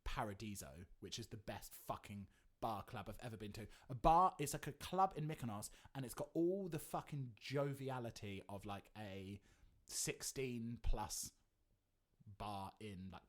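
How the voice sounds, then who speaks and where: A woman co-hosting a podcast, telling an animated story in casual chat, swearing freely and saying like a lot. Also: very deep voice. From England. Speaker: podcast co-host.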